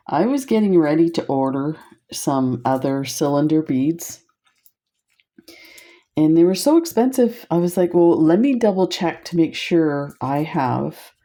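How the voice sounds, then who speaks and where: A woman hosting a beading video, gushing and excited as she shows off new beads, laughing often. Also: low voice. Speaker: beading channel host. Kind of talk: casual product showcase vlog.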